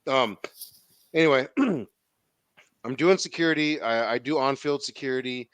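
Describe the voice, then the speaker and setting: A man's voice: medium pitch, moderate pace, fairly bright tone, smooth, no room sound. A man in his thirties with a Southern Californian accent telling a story as a podcast host, casual and profane, acting out the people he quotes.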